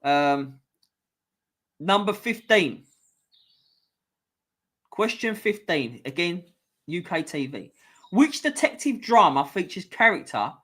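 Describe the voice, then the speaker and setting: A man's voice: sits high, sing-song, slow pace, long pauses, a bit bright. Sweary London man hosting a quiz. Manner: swears freely, offhand banter between questions. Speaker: quiz host. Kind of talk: casual live-stream pub quiz.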